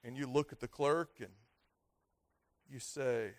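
A man preaching a sermon, repeating himself and restarting phrases, swinging between loud stresses and quiet, low endings. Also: steady tone, a little slow. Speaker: pastor.

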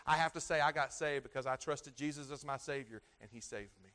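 A man preaching a sermon, repeating himself and restarting phrases, swinging between loud stresses and quiet, low endings. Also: fairly quick, few pauses. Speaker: pastor.

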